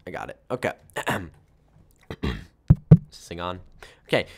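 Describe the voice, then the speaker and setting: Young male gaming host, jokey and bossy, animated mid-range voice. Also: low-pitched, measured pace. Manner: playful, joking, bossy. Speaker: YouTuber host. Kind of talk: casual gaming banter.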